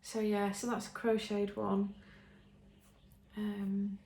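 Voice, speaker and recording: A woman's voice: medium pitch, monotone, takes it slowly, darkish tone. Chatty English woman in a roomy room. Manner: chatty, enthusiastic, frequent ums and restarts. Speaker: podcast host showing knitting. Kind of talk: casual show-and-tell chat. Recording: roomy echo.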